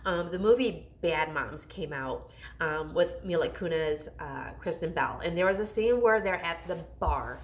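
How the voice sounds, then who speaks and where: Candid, rambling mom vlogger with a low voice. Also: female voice, animated, measured pace. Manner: rambling, heartfelt, self-interrupting. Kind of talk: candid confessional vlog storytelling.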